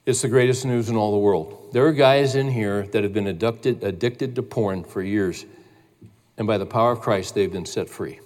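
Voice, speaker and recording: A man's voice: fairly low pitch, normal speed, a little mellow. A man preaching a sermon as a pastor, earnest and emphatic, building in intensity as he urges his listeners. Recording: long hall reverb.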